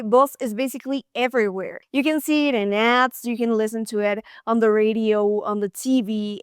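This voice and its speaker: A woman's voice: on the high side, clean tone, no echo, clean studio sound. A woman teaching Spanish in a chatty, friendly-explaining way, often saying "like". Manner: chatty, frequent "like" fillers. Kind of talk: explaining lesson to camera.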